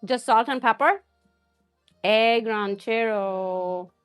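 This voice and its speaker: On a cooking live stream, a woman chats casually as she cooks, laughing often while she responds to viewer comments. Her voice sits on the high side and she speaks slowly, with faint music in the background.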